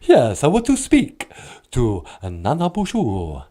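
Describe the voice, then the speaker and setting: A man's voice: medium pitch, huge pitch swings, slow, warm tone. A man doing a put-on Transylvanian accent as a theatrical male vampire count who is obsessed with counting and laughs "ah, ah, ah".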